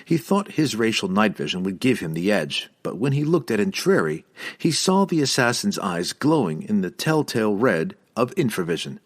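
A man narrates a fantasy audiobook with dramatic flair. His voice is very deep and husky, and it swings widely in pitch as he tells the fight scenes. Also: normal speed. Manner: dramatic, expressive storytelling.

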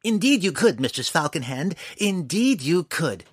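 A man's voice: fairly high pitch, huge pitch swings, measured pace, a bit bright, dry recording, studio quality, voice pushed up, full character voice. A man voicing a fussy, proud male dwarf sage who speaks formally and huffs when flustered. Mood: excited. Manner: prim, formal and huffy.

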